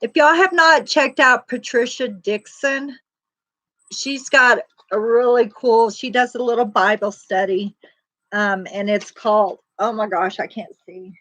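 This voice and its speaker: A woman's voice: on the high side, a little slow, fairly bright tone, no echo. A woman hosting a casual, faith-driven livestream, talking in a chatty, folksy, rambling way with lots of fillers. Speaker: livestream host.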